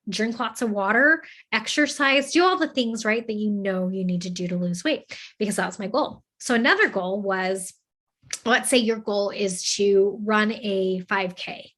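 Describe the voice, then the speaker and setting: A woman hosting a self-help talk, earnest and encouraging, often checking in with "okay?" and "right?" and slowing down to recite affirmations. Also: medium pitch, fairly bright tone. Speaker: host of a self-help channel.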